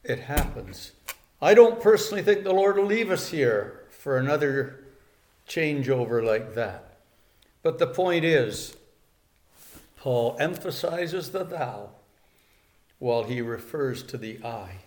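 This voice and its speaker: A man's voice: mid-range voice, expressive, slow pace, long pauses, a little mellow. An older man preaching a sermon in an earnest way, repeating key phrases for emphasis.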